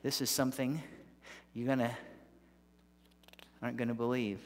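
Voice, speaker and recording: A man preaching a sermon, telling a vivid story that swells to loud peaks. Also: medium pitch, level tone, moderate pace. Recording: long hall reverb.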